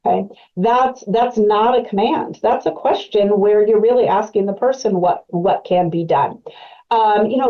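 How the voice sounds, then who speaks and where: Woman, clinical specialist, educational webcast talk, conversational, lots of fillers, mid pitch, slightly dull audio. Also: moderate pace. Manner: conversational and explanatory, with frequent fillers. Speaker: autism clinical specialist presenting.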